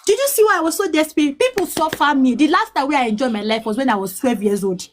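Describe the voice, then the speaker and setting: In her late thirties, a Nigerian woman with a high, bright voice gives an emotional testimony about her hard life, mixing English and Pidgin. She's animated and talks fast, pleading and restarting often as her words pour out with feeling.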